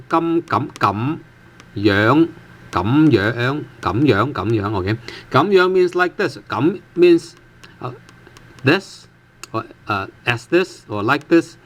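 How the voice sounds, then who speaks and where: A man gives a relaxed online language lesson. His voice sits at a middle pitch. He pauses on fillers and draws out his example words slowly and patiently. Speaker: Cantonese language teacher.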